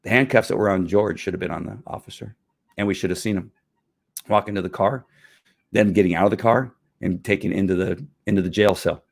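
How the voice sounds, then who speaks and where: A man's voice: low-pitched, a little fast, creaky. A middle-aged man, a former police officer, hosting his own show and talking casually in a frustrated, emphatic rant. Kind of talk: casual livestream commentary.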